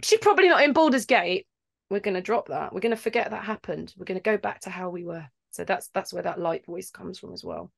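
A woman from London who acts in video games, talking in a casual interview in an animated, rambling way and laughing between thoughts. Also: medium pitch, brisk, vocal fry. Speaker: video game actor guest.

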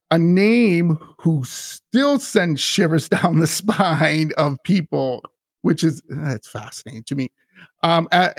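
A man hosting a casual podcast chat, animated and laughing often as he retells scenes. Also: fairly high pitch, dry recording. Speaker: podcast host.

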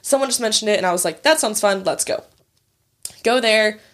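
A young woman in her twenties tells a story in loose, chatty conversation. She swears freely and slips into quick impressions of the people she quotes, in a voice of ordinary pitch. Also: a bit bright. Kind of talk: casual storytelling chat.

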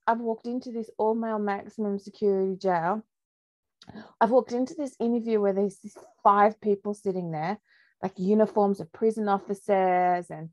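A woman's voice: mid-range voice, no echo. Candid woman telling stories. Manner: candid, lively storyteller who laughs often. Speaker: podcast guest. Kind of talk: casual storytelling interview.

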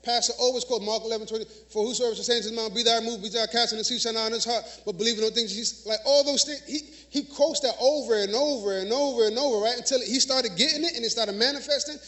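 High-voiced emphatic male preacher. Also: fairly even intonation, fast talker, few pauses, sharp tone. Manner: emphatic, call-and-response preaching. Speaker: minister. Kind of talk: sermon. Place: church.

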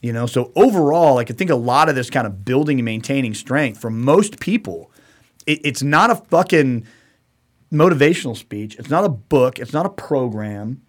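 A man's voice: medium pitch, animated, moderate pace. Blunt, swearing middle-aged man. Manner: blunt and profane, quoting people in little acted voices. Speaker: podcast host. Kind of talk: casual podcast chat.

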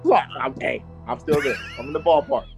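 A man's voice: fairly high pitch, fairly quick, vocal fry, soft background music, rough recording. Laid-back man telling a true-crime story. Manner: laughs easily, jokey and animated. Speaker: podcast host telling the story. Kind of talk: casual chat.

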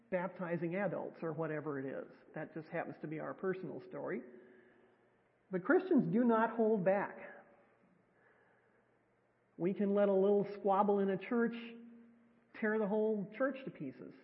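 A woman's voice: mid-range voice, unhurried, long pauses. Woman preaching in an echoing hall. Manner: conversational and self-deprecating, with wry humor. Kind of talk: sermon. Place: church sanctuary. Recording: tinny, echoey hall sound.

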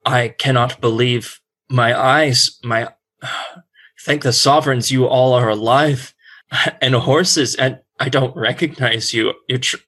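A man's voice: mid-range voice, sharp tone, exaggerated voice. A man voicing a nervous, jittery male dwarf innkeeper who stammers and fumbles his words. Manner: stammering, flustered.

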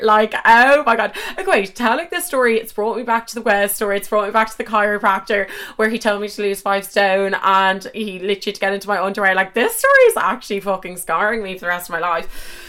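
A woman's voice: medium pitch, lively intonation, fast, sharp tone. A young woman casually telling a rambling, crude story as a podcast host, full of swearing and fillers.

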